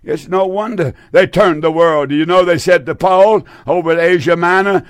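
High-voiced fervent male preacher. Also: moderate pace, hardly any pauses, clean tone, no room sound, studio quality. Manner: fervent, repetitive preaching with many fillers. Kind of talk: Pentecostal sermon.

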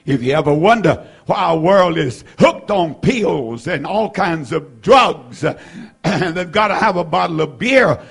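A man in his seventies preaching a fervent sermon, repeating phrases, rising to shouts and filling gaps with "uh". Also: on the high side, animated, measured pace, vocal fry, breathy edge, faint music behind. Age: 70s. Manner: fervent, repetitive preaching with frequent "uh" fillers and shouted peaks. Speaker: pastor.

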